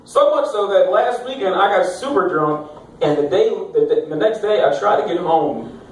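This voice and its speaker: A man's voice: sits high, animated, moderate pace, a little hiss or hum. A young adult man doing a stand-up set in a comedy club, rambling and self-mocking, with plenty of swearing. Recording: echoey club, mic from far off.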